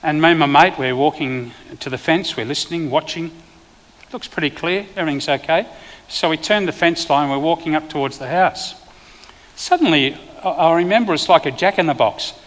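An Australian man, a preacher and former police officer, telling a vivid testimony in a sermon with sudden loud bursts. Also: fairly high pitch, a little fast, big-room sound.

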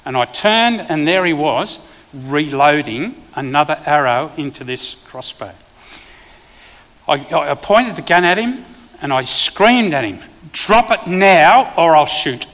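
An Australian man, a preacher and former police officer, telling a vivid testimony in a sermon with sudden loud bursts. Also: a little high, lively intonation, unhurried, big-room sound.

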